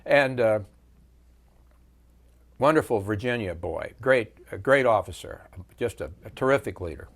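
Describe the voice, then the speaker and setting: A man in his seventies, interviewed as a veteran, recounting wartime memories with measured storytelling and frequent pauses. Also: lowish voice, expressive.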